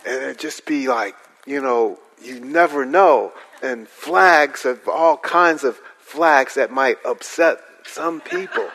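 Slow rambly guy telling a story to a crowd, lots of uh and um, echoey hall. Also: medium pitch, a bit bright. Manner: halting, rambling, with restarts and fillers. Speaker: guest speaker. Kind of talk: storytelling talk to an audience. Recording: long hall reverb.

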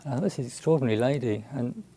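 A man, a Buddhist monk, telling a story in a halting, unhurried way with many restarts and fillers. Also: medium pitch, mellow, breathy edge. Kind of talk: storytelling talk.

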